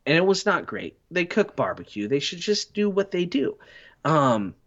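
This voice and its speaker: A man's voice: fairly high pitch, sing-song, moderate pace, a bit bright, muffled recording. A man telling rambling, self-deprecating stories in a casual podcast chat. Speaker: podcast guest.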